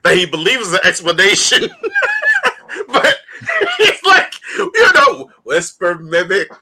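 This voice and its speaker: Bright, animated male host. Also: high-pitched, slow pace, breathy edge. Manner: laughs often, teasing and animated. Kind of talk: casual comic book discussion.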